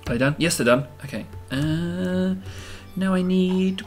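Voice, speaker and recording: A man's voice: high voice, unhurried, soft background music. A man hosting a game video, giving casual, self-amused commentary and thinking aloud as he builds.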